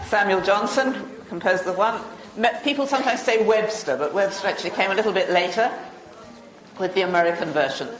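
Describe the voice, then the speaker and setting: A woman from Britain runs a quiz-style teacher workshop, firing off questions and confirming answers in a brisk, encouraging way. Her voice sits at a middle pitch. The room around her is echoey. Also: a crowd in the background. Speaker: teacher trainer.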